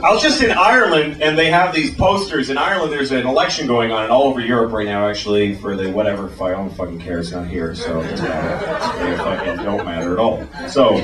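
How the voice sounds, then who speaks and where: A man performing a crude stand-up routine, switching between flat delivery and shouted mock voices. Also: lowish voice, quick pace, a crowd in the background. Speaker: stand-up comedian. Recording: roomy live club sound from far off. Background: loud audience laughter.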